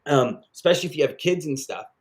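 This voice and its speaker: Energetic man co-hosting a sales chat. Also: fairly high pitch, quick pace. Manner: energetic, repeats himself for emphasis. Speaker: podcast co-host.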